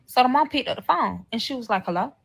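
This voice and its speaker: A woman's voice: fairly high pitch, animated, quick pace, gravelly, heavy background noise. A woman telling a personal story in a casual, profane way, acting out each quoted line with animation.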